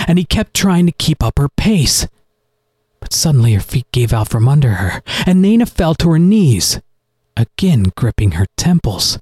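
A man reading a horror story aloud in an expressive, dramatic narrating style. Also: medium pitch, breathy edge, no echo. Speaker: audiobook narrator.

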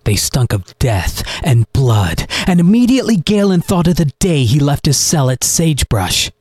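A man reading a horror story aloud in an expressive, dramatic narrating style. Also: on the high side, normal speed, slightly rough, no echo. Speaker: audiobook narrator.

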